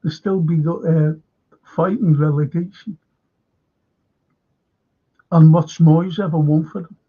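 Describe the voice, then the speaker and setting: A man's voice: on the high side, fairly even intonation, slow pace, breathy edge. A man hosting a live fan show, talking emphatically to viewers by name, repeating points and swearing. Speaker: fan channel host. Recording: dull lo-fi sound.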